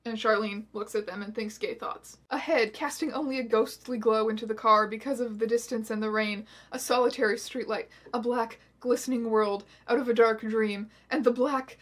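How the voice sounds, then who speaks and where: A woman narrating a comedic video essay with a somewhat high voice. She delivers dry, sarcastic asides with quick, wry timing. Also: a bit bright.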